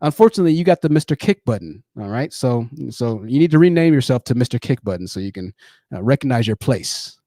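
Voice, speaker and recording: A man's voice: mid-range voice, mellow, no room sound, clean studio sound. A man hosting a live-streamed call-in show, combative and sarcastic, often repeating phrases for emphasis. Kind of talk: live stream commentary with callers.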